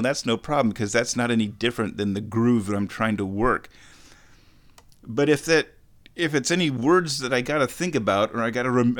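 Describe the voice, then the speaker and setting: A man hosting a radio show, talking casually on his own in a rambling, easygoing, chatty way. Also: medium pitch. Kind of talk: casual solo radio talk.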